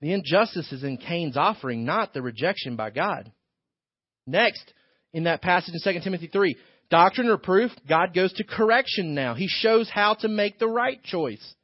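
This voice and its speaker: A man's voice: high voice, expressive, moderate pace, slightly rough, no room sound. A man preaching a sermon as pastor, in a conversational way, with rhetorical questions and frequent restarts. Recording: dull lo-fi church recording.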